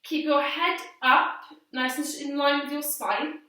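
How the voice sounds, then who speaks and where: Pushed and bright, her high voice keeps a fairly even intonation and a measured pace. She's a young primary school PE teacher guiding kids through exercises at home, encouraging them step by step and counting aloud while a bit out of breath from doing the moves herself. The recording is distant and very echoey, as in a hall.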